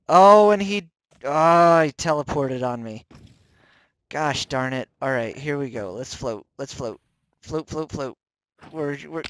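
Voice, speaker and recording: Let's-play host, male, unhurried but jumpy commentary with yelps and self-mockery, dry close mic. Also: mid-range voice, no room sound. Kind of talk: gameplay commentary.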